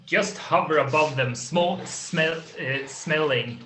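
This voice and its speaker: A man's voice: on the high side, slow, sharp tone, echoey room. A man playing in a tabletop game, hesitant and stumbling over his words. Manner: hesitant, with many fillers and restarts. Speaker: player. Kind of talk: tabletop role-play.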